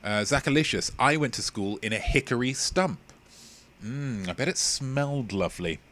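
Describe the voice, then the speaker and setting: A man's voice: normal speed, noisy background. A man hosting a live-streamed quiz, playful and mock-pompous as he chats with viewers. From England. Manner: playful, mock-pompous, lively swings in pitch. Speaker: quiz host.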